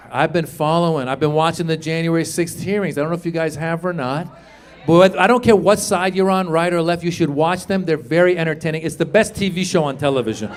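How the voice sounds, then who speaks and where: A man performing a stand-up comedy set, energetic, jumping to loud shouted punchlines and acted voices. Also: on the high side, moderate pace, some chatter behind. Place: comedy stage with a live audience. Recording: live club recording, audience laughter and faint noise.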